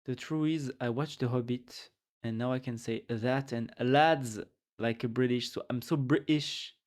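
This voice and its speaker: A man on a livestream talks loosely with his chat, reading messages aloud and joking back. He rambles and repeats words as he hunts for the next one. His pitch sits right in the middle. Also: measured pace. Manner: rambling, repeats words while searching for them; reads chat aloud and jokes with it. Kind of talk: casual chat with viewers.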